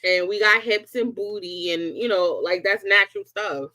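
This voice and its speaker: A middle-aged woman hosting a casual live chat, talking slowly with many fillers. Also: medium pitch, bright, forceful tone, no room sound. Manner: slow, drawn-out talk with frequent fillers. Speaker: live stream host.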